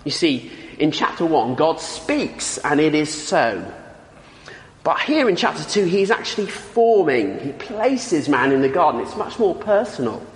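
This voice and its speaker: A man's voice: fairly high pitch, sing-song, measured pace. A man preaching a sermon, emphatic, putting rhetorical questions to his listeners. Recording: echoey hall with long reverb.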